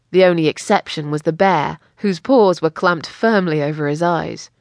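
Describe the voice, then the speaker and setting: A woman's voice: fairly low pitch, no room sound, studio quality. A woman reading a story aloud as an audiobook narrator, with a playful, lightly teasing delivery. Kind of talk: scripted narration.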